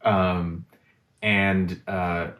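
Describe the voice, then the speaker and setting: In a roomy, echoing recording, a male guest discussing relationships thinks out loud and hunts for words in a reflective, casual exchange. He talks very slowly in a low, level voice with a fairly bright tone.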